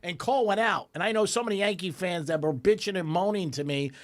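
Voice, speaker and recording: A man hosting a radio talk show in a studio, ranting in an animated, exasperated way. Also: high-pitched, quick pace.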